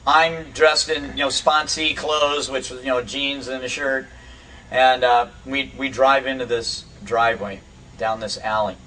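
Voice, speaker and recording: Man, casual storyteller, bright tone, lively quick bursts, set back from mic. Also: medium pitch, distant mic, a little hiss or hum, poor audio. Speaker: storyteller on a recovery radio show. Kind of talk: casual spoken anecdote.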